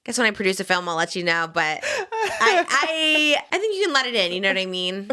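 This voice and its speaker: Animated, bright-voiced woman podcast host. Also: medium pitch, brisk, clean tone. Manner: animated, laughing often, playful. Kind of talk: casual chat.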